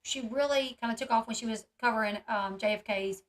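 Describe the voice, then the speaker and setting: A woman's voice: a little high, fairly quick. A woman vlogger chatting casually with lots of fillers, reacting with amusement to old clips. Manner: chatty, filler-heavy, amused, talks to her screen.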